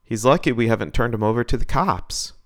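A man's voice: medium pitch, brisk, fairly bright tone, no room sound, clean studio sound, natural voice. A man reading as a blunt, brusque big dad.

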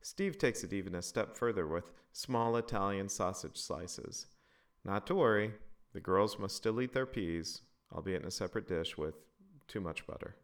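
A man narrating a family story in a lively, expressive reading. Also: deep voice, normal speed.

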